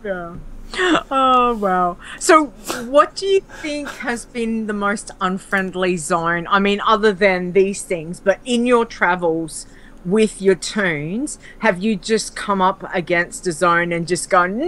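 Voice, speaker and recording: A woman hosting a chat podcast, asking her guest drawn-out, unhurried questions. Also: mid-range voice, fairly bright tone. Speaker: podcast host.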